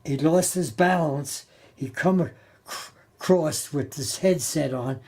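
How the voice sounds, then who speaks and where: An older man recalling his time as a Navy sailor in a halting, plain-spoken way, often repeating and restarting his words. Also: fairly high pitch, darkish tone. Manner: plain-spoken, colloquial grammar. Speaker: Navy veteran interviewee. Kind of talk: oral history storytelling.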